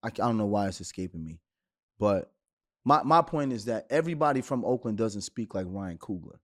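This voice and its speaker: A man's voice: fairly low pitch, lively intonation, a little fast. A man from Brooklyn co-hosting a casual group discussion, pushing back emphatically and with animation. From Brooklyn, New York. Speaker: podcast co-host.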